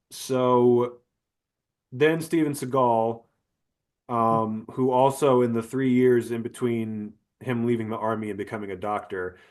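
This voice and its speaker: A man co-hosting a podcast, giving a casual, comedic movie review and ranting with lots of swearing and emphasis. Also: mid-range voice. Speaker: podcast co-host.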